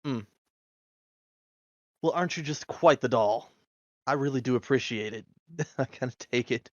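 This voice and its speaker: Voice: medium pitch, moderate pace, no echo. A player in a tabletop game speaking in character with a haughty, drawling manner, on a dull muffled mic.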